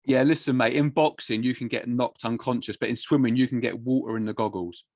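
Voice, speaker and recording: A man's voice: mid-range voice, fairly even intonation, brisk, darkish tone, no echo. A male podcast host with an ordinary, mid-range voice. The sound is dry and close. He keeps up easy, matey banter, teasing his guest between questions. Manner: friendly banter, calls guest mate. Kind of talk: casual podcast chat.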